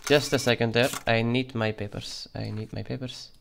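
A gaming channel host does let's play commentary, voicing a border guard in a playful, put-on Russian-style accent and muttering as he reads documents. His medium-pitched voice is steady, moderately paced, and has vocal fry, with slight background noise.

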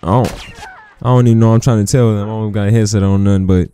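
A man's voice: lowish voice, steady tone, quick pace, dark tone, a little hiss or hum. A man giving casual gameplay commentary, chatting laid-back and trash-talking his teammates with a lot of swearing. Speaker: gaming commentator.

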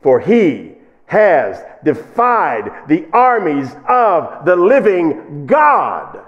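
Animated male preacher, muffled recording. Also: fairly high pitch, extremely slow. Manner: animated preaching, acting out quoted speakers in raised voices. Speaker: pastor. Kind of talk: sermon.

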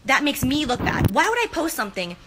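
A woman's voice: sits high, very animated, brisk, noisy background. A woman in an apology clip, rambling and flustered, repeating herself as she talks outdoors. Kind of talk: emotional apology video.

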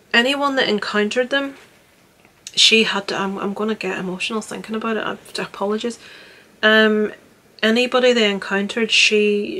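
A young woman vlogger chats casually about films she has watched, her mid-range voice bright and forceful. She is earnest and rambling, restarting her sentences often.

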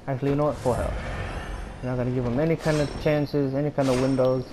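A man giving excitable live commentary while playing a video game, talking to himself and his viewers and swearing when things go wrong. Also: mid-range voice, fast talker, background noise. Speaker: gamer.

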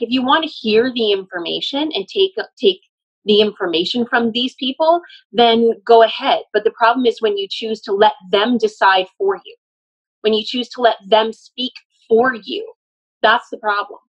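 A woman's voice: a little high, normal speed, husky. Earnest woman medium, muffled audio. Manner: earnest, explanatory, often laughing. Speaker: medium channeling a spirit. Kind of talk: relaying messages in casual conversation.

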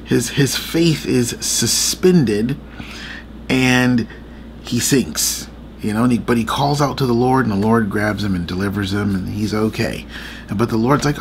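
A man with a gravelly, fry-edged voice speaks earnestly in a late-night chat about faith. He circles back and repeats himself as he confides in his viewers. A faint noise sits behind him. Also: mid-range voice, a little slow. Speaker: faith vlogger and co-host.

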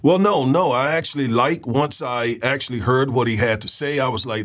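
A man's voice: mid-range voice, normal speed, a bit bright. A man hosting a political commentary show, talking in a loose conversational monologue, often repeating words and checking in with his listeners.

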